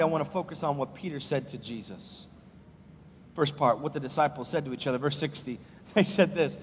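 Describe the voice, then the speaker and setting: A male pastor with a high, husky voice delivers a sermon live in a church, recorded in a big reverberant room. He swings from forceful loud bursts to hushed low phrases and calls out to the crowd for answers. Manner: calls out to the congregation for responses. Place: church sanctuary.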